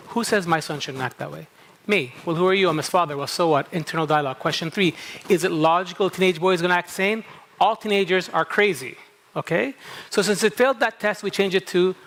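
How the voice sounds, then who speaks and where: A man's voice: high voice, fairly bright tone. A middle-aged man from Kuwait with a slight New England tinge to his English, giving a conversational talk at a conference and often checking in with the audience. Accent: American-tinged English from New England camp. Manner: conversational, asks the audience "okay?" often, self-interrupting. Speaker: speaker introducing a panel. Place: conference hall.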